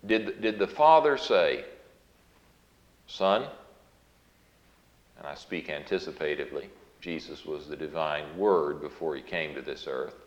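A man's voice: extremely low pitch, animated, moderate pace, hardly any pauses. A man preaching an earnest, explanatory Bible sermon, reading scripture aloud with emphasis. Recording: roomy, dull lo-fi recording.

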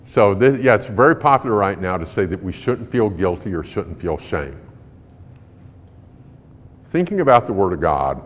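A man speaks in a folksy, emphatic way to a live audience, answering parenting questions and chuckling often. His voice sits on the low side. The sound carries a long reverb from a large hall. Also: very animated, normal speed, pauses often. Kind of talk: conversational Q&A talk to a live audience.

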